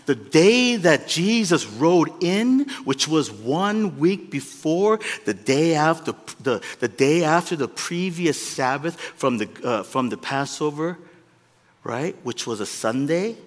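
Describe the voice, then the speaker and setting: A man preaching a sermon as a pastor, with animated delivery that swings between loud peaks and quiet asides. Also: medium pitch. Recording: long reverb of a large hall.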